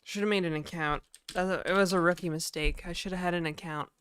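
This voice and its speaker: A woman's voice: lowish voice, fairly even intonation, a little fast, a bit bright, clean tone, no room sound, clean studio sound. A woman streamer chatting casually to her viewers live, venting and swearing a lot.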